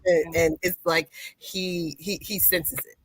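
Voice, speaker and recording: A woman guest on a faith podcast, speaking in a reflective, halting way with frequent restarts. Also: fairly low pitch, steady tone, a bit bright, husky, no room sound. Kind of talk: casual faith talk.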